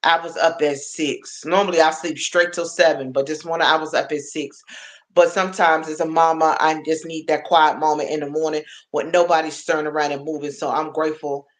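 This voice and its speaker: A woman's voice: sits low, flat delivery, brisk. A woman in her forties chatting casually on a livestream, motherly and affectionate, laughing often and talking to viewers by name. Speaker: livestream host.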